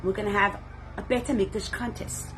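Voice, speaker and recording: A woman's voice: medium pitch, steady tone, brisk, a bit bright, a little hiss or hum, close to an everyday voice, poor audio. A woman voicing a male rabbi who cheerfully announces a contest to families. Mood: upbeat.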